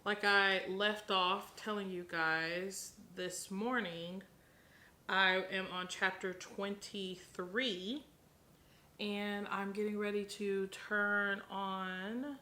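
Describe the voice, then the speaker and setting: Woman, book vlogger, casual chat, unhurried, bright tone, gushing. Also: medium pitch, steady tone. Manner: chatty and gushing, laughs often; rambling with fillers and restarts. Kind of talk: casual reading vlog chat.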